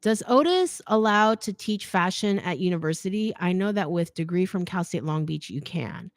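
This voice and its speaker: A middle-aged woman hosting a casual livestream Q&A, reading comments aloud, chatty and quick to laugh, saying "like" a lot. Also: on the low side, animated, no room sound, studio quality. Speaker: fashion YouTuber hosting a live Q&A.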